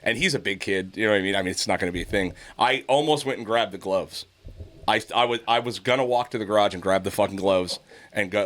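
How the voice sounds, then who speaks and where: Man, middle-aged, podcast host, casual profane storytelling, fairly low voice. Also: quick pace. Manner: profane, storytelling, animated when quoting others. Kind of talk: casual chat.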